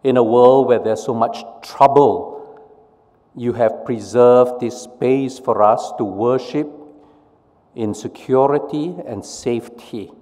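A male pastor giving a prayer and sermon in a measured, storytelling way. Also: mid-range voice, dark tone. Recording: long reverb of a worship hall.

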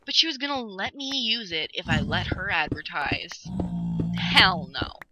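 A woman's voice: lowish voice, big pitch swings, a little slow, over loud music, rough recording. A young woman hosting a casual gaming video, ranting with exasperation and breaking into giggles. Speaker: gaming channel host. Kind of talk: casual gameplay chat. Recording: loud background noise.

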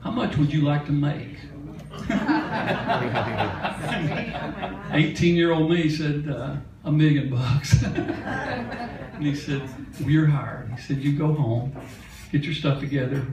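A man's voice: medium pitch, steady tone, moderate pace, few pauses, a crowd in the background. Folksy older man telling a stage story. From Mississippi. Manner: folksy, chatty, laughing now and then. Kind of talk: onstage storytelling. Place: concert hall stage. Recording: echoey concert hall from a distance.

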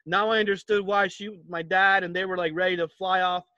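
A young man from New Jersey tells campers a personal story, high-pitched and bright. He acts out the dialogue and drops low for asides. The sound is close and dry. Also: steady tone, fairly quick, dry recording, dull audio. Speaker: camp speaker. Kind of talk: storytelling talk.

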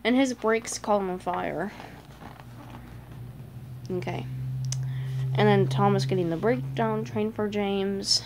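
A woman's voice: medium pitch, fairly even intonation, takes it slowly, pauses often, noisy background. A woman chatting through a picture book page by page, filling her talk with "like" and small gasps. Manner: chatty, lots of "like", gasps and little voices. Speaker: fan showing a picture book. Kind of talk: casual book flip-through commentary.

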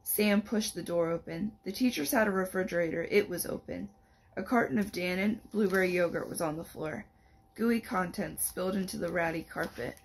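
A woman on a library's staff reading the first chapter of a young adult novel aloud in a steady storytelling manner. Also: on the low side, moderate pace, breathy edge.

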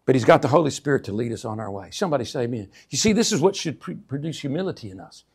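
A man preaching a sermon, calling out "amen?" to his church and swinging between hushed asides and loud emphatic bursts. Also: mid-range voice, very animated, racing, slightly rough. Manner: call-and-response, repeats 'amen?' to the congregation. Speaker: pastor.

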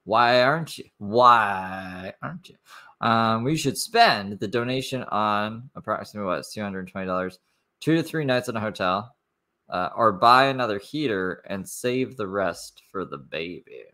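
A man with a lowish, bright-edged voice comments on clips for a live stream. He sounds sarcastic and incredulous. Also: lively intonation, moderate pace.

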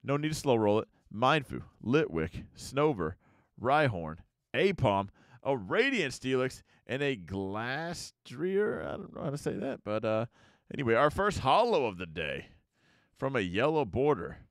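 A man's voice: medium pitch, big pitch swings, a little slow, no echo, clean studio sound. An American man hosting a casual card-opening video, chatting and muttering card names as he opens packs. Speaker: YouTube card-opening host. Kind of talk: casual pack-opening commentary.

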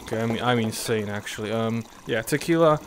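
A man records casual gameplay commentary for YouTube while running a virtual bar, cursing, exclaiming and mock-politely addressing customers. His mid-range voice moves fairly quickly amid background noise.

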